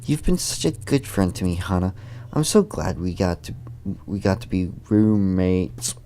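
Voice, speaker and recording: A man voices an upbeat, encouraging schoolgirl friend from a dating game, her lines read aloud in a very deep voice that still rises and falls a lot. The tone stays friendly and teasing. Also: animated, a little slow, dark tone, a little hiss or hum. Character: cheerful supportive young female schoolgirl friend. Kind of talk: reading visual novel dialogue.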